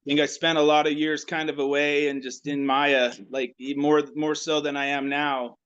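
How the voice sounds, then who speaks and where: A man speaking on a video call, sharing personal reflections in a halting way with many restarts. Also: a little high, little pitch movement, a bit bright, smooth, lo-fi sound. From United States. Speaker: class participant.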